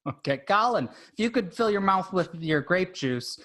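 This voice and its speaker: A man's voice: sits high, lively intonation, normal speed, fairly bright tone. A man hosting a casual video call chat, asking silly questions in a playful, mock-formal way. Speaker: host.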